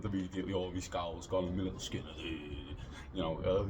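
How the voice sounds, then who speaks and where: Telling a long podcast anecdote, this deep-voiced man in his late thirties keeps things loose and chatty, rambling, restarting, tossing in casual swearing and plenty of fillers. He speaks at a normal speed with little pitch movement and a slightly mellow sound, over a faint background hiss.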